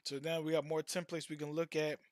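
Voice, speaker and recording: Guy on his stream just talking, slangy and cussing a lot, kinda high voice, dry mic. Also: little pitch movement, a little fast, no room sound. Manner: loose, slangy, swears freely, repeats himself. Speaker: streamer and music artist. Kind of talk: casual live-stream chat.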